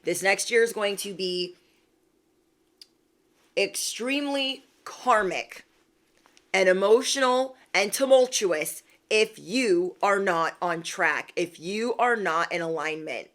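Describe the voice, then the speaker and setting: A woman's voice: medium pitch, measured pace, few pauses. Sassy woman hosting a pep-talk livestream. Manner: sassy, slangy, laughs often, addresses viewers as bestie. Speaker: spiritual reader and livestream host.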